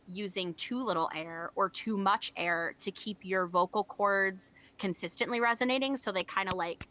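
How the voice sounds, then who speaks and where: A woman's voice: medium pitch, normal speed, bright, forceful tone. A young woman co-hosting a game stream, explaining singing technique casually with many fillers. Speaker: co-host.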